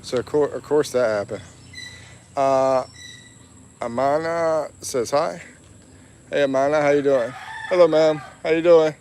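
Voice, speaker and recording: Outdoors in a town, a man hosts a casual live walking vlog, chatting, reading viewer comments aloud and laughing often. His voice is a little high with a darkish tone, slow with frequent pauses, and there's a little hiss or hum.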